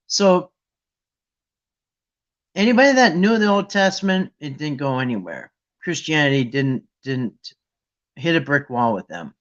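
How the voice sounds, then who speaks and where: A man hosting a Bible trivia game with viewers, chatting casually and thinking aloud with restarts and sudden excited jumps. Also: medium pitch. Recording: dull lo-fi sound.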